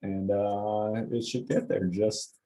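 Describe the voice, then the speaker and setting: Animated man breaking down game film. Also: fairly low pitch, takes it slowly, low-quality recording. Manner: animated, gets worked up and exasperated. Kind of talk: casual film-breakdown commentary.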